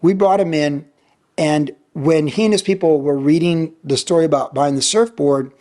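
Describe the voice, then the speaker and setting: A man in his sixties from California, telling stories as a podcast guest in a chatty, animated way. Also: fairly high pitch, normal speed. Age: 60s. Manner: animated, chatty, acts out voices. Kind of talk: casual storytelling.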